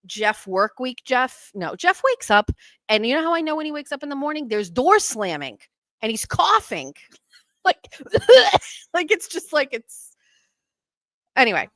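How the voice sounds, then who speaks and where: A woman's voice: sits high, very animated, moderate pace, pushed and bright, no room sound. A woman hosting a casual livestream chat, chatty and teasing about her husband. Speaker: host.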